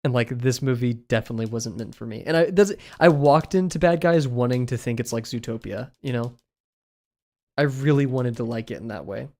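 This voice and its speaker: A man's voice: mid-range voice, brisk, darkish tone. A young man chatting casually while he draws on a livestream, rambling and giggling with lots of filler words. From United States. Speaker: streamer.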